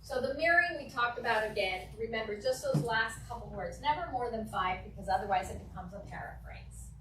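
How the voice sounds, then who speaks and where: A woman with a higher voice teaches a live class on real estate negotiation, acting out client phone calls in a lively way. She is recorded from a distance in an echoing room, with faint noise behind her. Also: brisk. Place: classroom with an audience.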